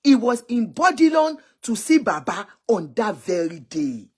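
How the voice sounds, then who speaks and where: A woman's voice: fairly high pitch, very animated, unhurried, darkish tone, breathy edge. A Nigerian woman giving exclamatory, scolding political commentary on a live stream. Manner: scolding, exclamatory, switching languages.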